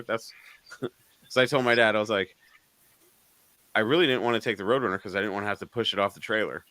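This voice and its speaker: A man's voice: on the low side, fast talker, pushed and bright, clear, resonant tone, dry recording. A man co-hosting a live car show, telling a story in casual chat, swearing freely and laughing between lines.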